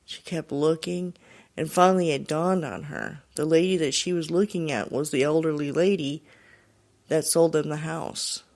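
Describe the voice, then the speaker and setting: Man, podcast host, gravelly, slightly high voice, rambling casual storytelling. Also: steady tone, moderate pace, darkish tone. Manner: rambling, filler-heavy retelling. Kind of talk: casual storytelling of paranormal accounts.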